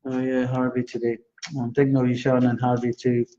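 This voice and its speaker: A man's voice: monotone, a little fast, warm tone, a little hiss or hum. A man giving psychic readings to viewers on a live stream, chatty and reassuring, laughing often. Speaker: psychic astrologer. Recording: dull low-fidelity live stream.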